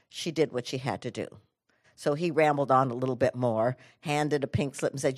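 A middle-aged woman from the United States giving an inspirational talk, telling a personal story with lively swings between energetic and hushed delivery. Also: moderate pace. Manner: animated storyteller, drops to quiet low tones for emphasis. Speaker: inspirational speaker.

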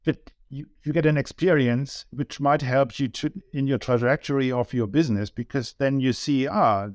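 A middle-aged man with a German accent, a business owner talking as a guest in a casual interview, halting and repeating words with many ums. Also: medium pitch, fairly even intonation, darkish tone, no echo, studio quality.

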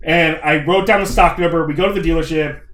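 A man's voice: fairly high pitch, fast. A young man telling a story in a casual, profane way, acting out his own lines and quoting others. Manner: animated, profane, acts out quotes. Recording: echoey room.

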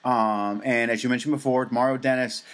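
A man's voice: mid-range voice, fairly even intonation, brisk, fairly bright tone. An American man co-hosting a podcast, talking in a rambling, casual way with many fillers and restarts. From United States. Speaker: podcast co-host. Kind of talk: casual chat.

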